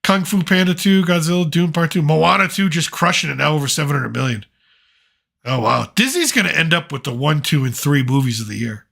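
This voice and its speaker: A man's voice: fairly high pitch, a little fast, creaky, fairly bright tone. A middle-aged man hosting a casual chat, rambling and opinionated with plenty of fillers. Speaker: podcast host, father.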